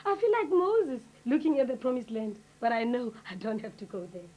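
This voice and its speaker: A woman's voice: on the high side, sing-song, brisk, mellow, slight background noise. A woman playing an outspoken black domestic worker with a South African accent, blunt and sardonic. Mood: dry.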